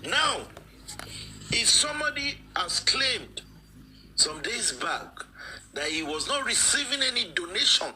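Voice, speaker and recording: A man's voice: high-pitched, big pitch swings, a little slow, long pauses, sharp tone, low-quality recording. A man, speaking as a guest in a live-stream discussion, emphatic and repeating phrases for stress.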